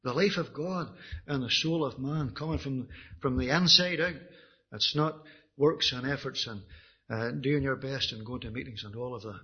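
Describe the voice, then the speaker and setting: A man's voice: mid-range voice, moderate pace, breathy edge. A man with a Northern Irish accent giving his personal testimony as a sermon, earnest and often restarting his words. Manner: earnest, with frequent restarts and repetitions. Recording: dull lo-fi recording.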